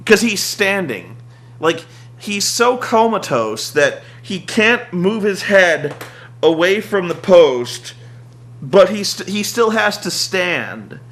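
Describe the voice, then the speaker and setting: A man's voice: high voice, sing-song, takes it slowly. A young man rambling through a sarcastic, casual rant about a wrestling show, full of "like" and mocking asides. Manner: rambling, sarcastic, mocks with shouted impressions. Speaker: podcast host recapping wrestling.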